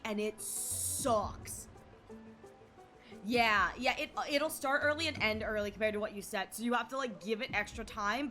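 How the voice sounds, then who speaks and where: A woman's voice: a little high, bright, forceful tone. A young woman streamer chatting casually to her viewers, giggly and rambling. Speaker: game streamer. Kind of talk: casual live-stream chat.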